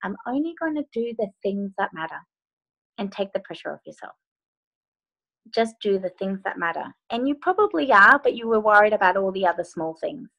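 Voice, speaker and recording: A woman's voice: mid-range voice, big pitch swings, a little fast, sharp tone, highs cut off. A woman life coach leading a group video call from her phone, giving upbeat, playful instructions.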